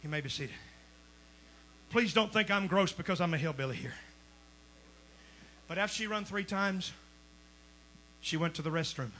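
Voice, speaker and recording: Preacher guy going from quiet to yelling, highish voice, faint hum behind. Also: lively intonation, moderate pace, long pauses. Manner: impassioned, swinging from hushed storytelling to shouting. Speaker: guest preacher. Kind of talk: Pentecostal sermon with testimony. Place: church sanctuary.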